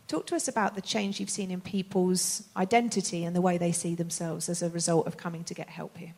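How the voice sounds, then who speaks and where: A woman's voice: lowish voice, level tone, a little fast, a little mellow. A woman hosting a panel conversation who asks enthusiastic, thoughtful questions. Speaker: panel host.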